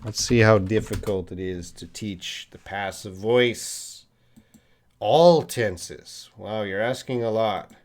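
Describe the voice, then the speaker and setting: Slow, low-voiced Canadian teacher. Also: male voice. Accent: Canadian English. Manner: slow, patient, stops to think with ums and hmms. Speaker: English teacher. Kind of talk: live-stream Q&A, reading chat questions.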